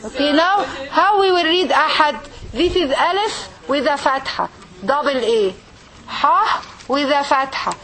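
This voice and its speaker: High-voiced teacher. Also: female voice, measured pace, a bit bright. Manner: repetitive, checks understanding with frequent "okay?". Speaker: Arabic and Quran teacher. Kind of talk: classroom lesson.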